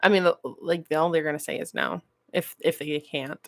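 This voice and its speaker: A woman's voice: low voice, fairly quick, creaky. A woman in casual chat, telling a story with lots of laughter and quoted lines. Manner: animated storytelling, laughs often, quotes herself. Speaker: podcast host.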